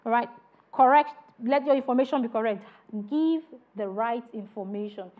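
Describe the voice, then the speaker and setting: A high-voiced woman teaches customer service to a class, animated and often saying "all right" between points. She acts out little exchanges with customers as she goes. The recording sounds dull and lo-fi. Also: moderate pace. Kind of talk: classroom lecture.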